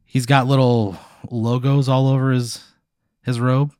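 A man running an improvised story, describing scenes in a vivid, deadpan way. His voice sits at a middling pitch. The sound is close and dry. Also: a little slow, clean tone, dry recording. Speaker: game master.

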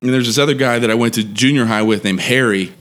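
A man's voice: medium pitch, fast, a bit bright. A man in his thirties tells a long story on a podcast. He rambles and swears freely, and he breaks into laughter often. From Texas. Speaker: podcast guest. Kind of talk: casual storytelling.

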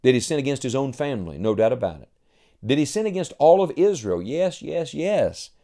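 A man's voice: medium pitch, very animated, fairly quick, mellow. A man preaching a sermon in an emphatic, rhythmic cadence, reading scripture aloud between his points.

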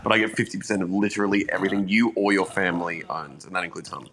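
A stoned man on a phone call, talking slowly and losing his train of thought. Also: sits low, steady tone, a bit bright, husky. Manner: drowsy, slow, rambling, loses his train of thought. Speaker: musician guest on phone call. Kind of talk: casual phone chat.

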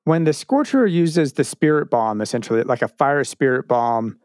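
Male podcast co-host, middle pitch, laid-back and wry, dry close mic. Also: moderate pace, no room sound. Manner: relaxed, joking, short agreeing replies. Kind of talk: casual chat about a cartoon.

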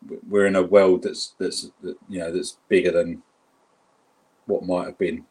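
South London bloke, husky low voice, rambling casual chat, co-host. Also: male voice, level tone, unhurried, a little mellow. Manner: rambling, chatty, lots of fillers.

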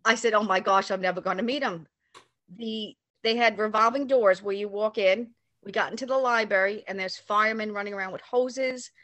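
Older woman telling a lively anecdote. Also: medium pitch, normal speed, no room sound. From New York area. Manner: animated, acts out quoted voices. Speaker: storyteller recounting a personal memory. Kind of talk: casual anecdote.

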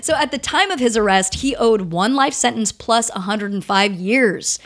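A woman's voice: a little high, expressive, normal speed, a bit bright. Chatty woman cohost telling a true crime story, loose and casual, lots of "like". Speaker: podcast co-host.

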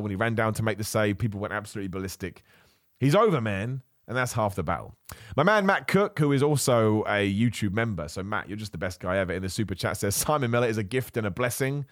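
A man hosting a podcast, ranting in animated casual chat, laughing often and nursing a cough. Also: fairly low pitch, quick pace, no echo, clean studio sound. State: has a cough. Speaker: podcast host.

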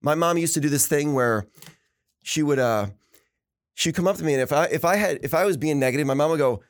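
A man with a fairly high voice hosts a motivational podcast in earnest, preachy conversation. He tells stories and often repeats words as he talks. The sound is dry and close to the mic. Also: fairly quick, no echo. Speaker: podcast host.

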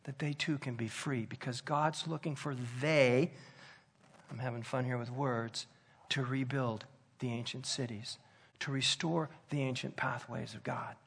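A man's voice: mid-range voice, fairly even intonation, unhurried, breathy edge. Earnest male preacher telling a story. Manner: earnest, conversational, drops to soft intensity. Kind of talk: sermon storytelling.

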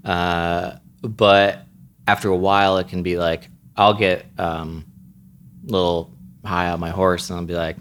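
A man's voice: sits low, level tone, unhurried, fairly bright tone, clear, resonant tone. A man co-hosting a casual conversation, telling rambling, joking personal anecdotes. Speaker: podcast co-host.

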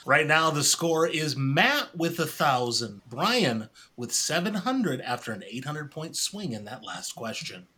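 A man's voice: on the high side, very animated, unhurried, hardly any pauses, pushed and bright, breathy edge. A man co-hosting a trivia show who announces the scores with dry, wry humor. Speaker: guest co-host, scorekeeper.

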